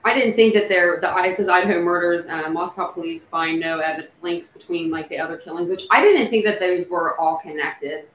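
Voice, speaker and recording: A woman hosting a casual livestream, thinking out loud with many fillers and restarts. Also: on the low side, fairly quick, few pauses. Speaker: true crime livestream host. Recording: echoey room with faint background noise.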